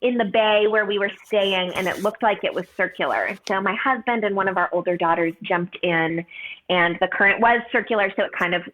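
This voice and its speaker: A woman's voice: medium pitch, a little fast, fairly bright tone. A woman in her thirties telling a personal story as a podcast guest, earnest and heartfelt, with many casual fillers. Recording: tinny phone-like line.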